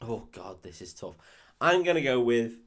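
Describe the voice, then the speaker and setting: Lively male podcast co-host. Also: medium pitch, normal speed. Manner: lively, jokey, mocks accents for laughs. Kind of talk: casual chat.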